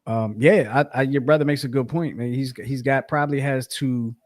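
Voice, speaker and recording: A man's voice: mid-range voice, steady tone, moderate pace, darkish tone. A man co-hosting a sports podcast, chatting casually, rambling with many restarts and fillers. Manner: rambling, repeats himself, frequent fillers. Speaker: podcast co-host.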